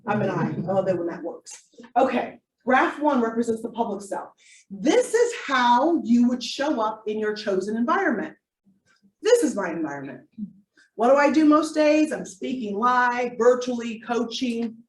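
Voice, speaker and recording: A woman giving a live workshop as a coach, animated and playful, with comic asides to her audience. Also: fairly high pitch, normal speed. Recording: echoey room, distant mic.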